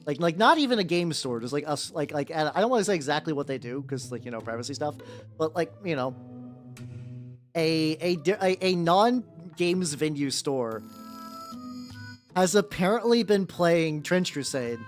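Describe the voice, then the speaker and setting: A streamer talks loosely to a live chat while painting, rambling and restarting, full of "like". The pitch is mid-range but leaps around a lot. Faint background music plays beneath the voice. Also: expressive, normal speed. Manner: rambling, heavy use of 'like', frequent restarts. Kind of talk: casual livestream chat with viewers.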